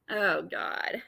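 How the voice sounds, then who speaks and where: A woman hosts a casual livestream in a mid-range voice with vocal fry, pushed, bright and slightly rough. She's blunt and combative, swears often, and keeps halting and restarting her sentences.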